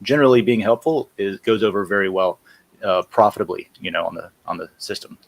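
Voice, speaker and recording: A man's voice: on the low side, fairly quick, gravelly. A man hosting a casual live-stream chat, walking viewers through a website demo and correcting himself as he clicks through screens. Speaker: host.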